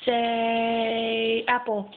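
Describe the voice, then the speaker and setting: A woman's voice: a little high, completely flat delivery, very slow, a little hiss or hum. A woman, a mother, playfully and patiently coaxing her toddler to say words, recorded on a phone. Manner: playful, patient, laughing often. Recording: thin phone-like audio.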